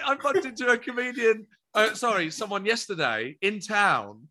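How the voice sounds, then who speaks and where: A man telling a comic story as a podcast guest, excitable, stumbling over repeated words and laughing often. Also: high voice, normal speed. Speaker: comedian guest. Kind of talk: animated anecdote telling.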